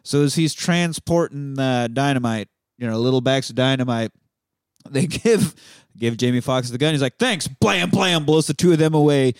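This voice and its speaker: A man's voice: medium pitch, normal speed, smooth, no room sound, clean studio sound. A man hosting a podcast, animatedly retelling film scenes in casual, profane chat. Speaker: podcast host.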